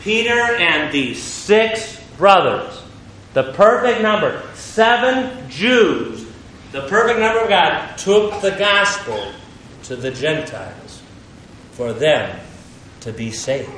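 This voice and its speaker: A man preaching a sermon, teaching through a Bible passage with emphatic, animated delivery and dramatic pauses. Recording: echoey room with faint rumble.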